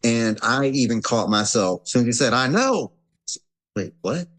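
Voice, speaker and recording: A man's voice: medium pitch, fairly quick. A man appearing as a podcast guest, chatting in an earnest, reflective way. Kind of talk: casual chat.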